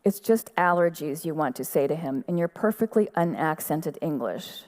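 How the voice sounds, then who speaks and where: A woman giving a measured, quiet literary reading of her own fiction at an outdoor festival stage. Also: low voice, lively intonation.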